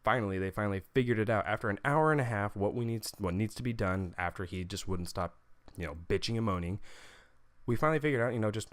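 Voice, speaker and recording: A man's voice: on the low side, a little fast, no echo. A young man venting in a casual, profane rant about a frustrating customer, full of fillers and restarts. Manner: heated, profane storytelling with many fillers. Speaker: vlogger.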